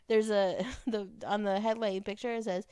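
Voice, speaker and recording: A woman's voice: mid-range voice, steady tone, a little slow, a little mellow, clear, resonant tone, no echo. A woman co-hosting a podcast in casual chat, reading bits from articles aloud and laughing easily. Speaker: podcast co-host.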